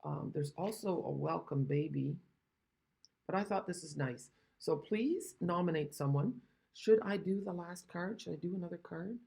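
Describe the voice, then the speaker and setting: A woman's voice: on the low side, moderate pace, vocal fry, a little mellow, slightly rough. A woman from Canada chatting casually while demonstrating card-making, rambling and self-deprecating, recovering from an illness. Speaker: craft demonstrator.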